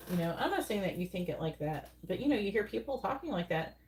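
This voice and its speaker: A woman's voice: lowish voice, lively intonation, fast talker, slight background noise. A woman giving a live-stream tarot reading, talking bluntly in a rambling way and swearing casually. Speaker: tarot reader.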